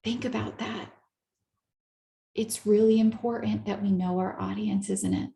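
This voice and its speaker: A woman therapist giving an earnest, coaching talk to a live audience, slowing down to stress her points. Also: mid-range voice, fairly even intonation, gravelly, mellow, reverberant. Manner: earnest, coaching, slows down for emphasis. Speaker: therapist and speaker.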